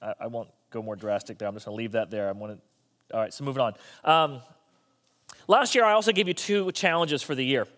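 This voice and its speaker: A man's voice: mid-range voice, fairly quick, a bit bright. Man preaching in a casual joking way. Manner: conversational, joking asides. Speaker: pastor. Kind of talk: sermon.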